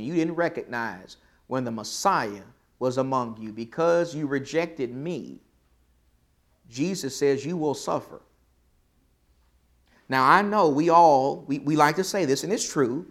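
A man leading a Bible study lesson, quizzing the class and swinging from loud emphasis to quiet, soft remarks. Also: medium pitch. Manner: questions the class, swells loud then drops soft for emphasis.

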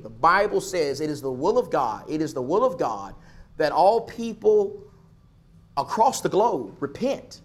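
A man's voice: fairly high pitch, big pitch swings, a little slow. A man preaching a sermon, building emphasis through repeated phrases. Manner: emphatic, repetitive preaching cadence.

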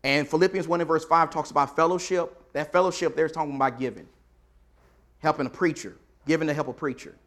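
A male preacher delivering a sermon in a church auditorium. His voice sits a little high, and he talks to the pews conversationally. He reads scripture aloud with emphasis. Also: steady tone, quick pace, fairly bright tone.

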